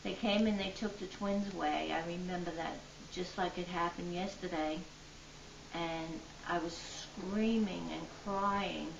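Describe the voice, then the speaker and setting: An older woman telling her life story in an interview, earnest and lively in her retelling. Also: on the low side, unhurried, vocal fry. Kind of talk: personal storytelling. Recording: distant, dull, noisy, roomy.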